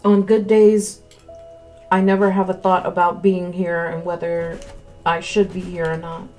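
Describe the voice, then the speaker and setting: A woman's voice: fairly low pitch, flat delivery, a little slow, a little mellow. A woman streamer in casual chat, eating as she talks, chewing between words and speaking candidly into a close mic. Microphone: close desk mic. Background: faint music.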